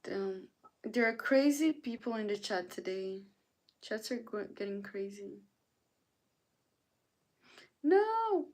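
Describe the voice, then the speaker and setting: A woman's voice: medium pitch, steady tone, unhurried. A tired woman hosting a casual live stream, reading chat messages aloud and answering them. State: tired, yawning. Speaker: livestreamer.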